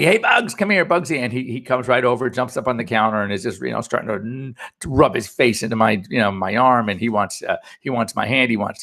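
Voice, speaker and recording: A man's voice: mid-range voice, vocal fry, a bit bright. A middle-aged man hosting a pet radio show as a veterinarian, talking in a chatty, anecdotal, upbeat way. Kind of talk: casual chat.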